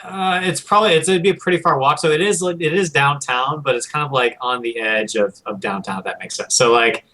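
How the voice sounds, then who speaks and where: Michigan guy, fast talker, bright forceful tone, chatty guest. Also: medium pitch, low-quality recording. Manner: rambling, lots of fillers, quick and bright. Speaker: guest commentator. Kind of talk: casual chat.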